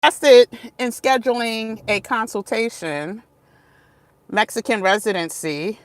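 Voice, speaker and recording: An unhurried woman talks straight to her viewers in a relaxed vlog. She drifts off topic, catches herself and laughs often. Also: fairly high pitch, dry recording. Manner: chatty, digressive, laughs often. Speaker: vlogger. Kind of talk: casual vlog talk. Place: outdoors, moving between places.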